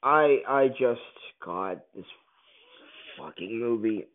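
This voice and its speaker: A man angrily ranting through a movie review, swearing often and bursting out loudly now and then. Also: medium pitch, expressive, slow pace. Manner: angry, profane ranting with sudden loud outbursts. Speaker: film reviewer. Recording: tinny phone-like sound.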